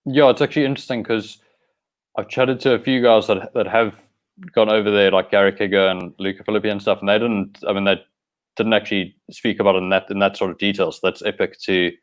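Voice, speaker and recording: A man with a lowish voice hosting a podcast. He asks his guest questions in a curious, easygoing way, in loose conversational phrasing. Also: little pitch movement, fast talker. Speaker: podcast host. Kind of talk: casual podcast interview.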